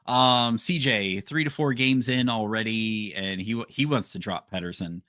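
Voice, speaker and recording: A man's voice: on the low side, normal speed, sharp tone, dry recording, clean studio sound. A man co-hosting a podcast, chatting casually and hesitantly with many fillers. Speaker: podcast co-host. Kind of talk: casual chat.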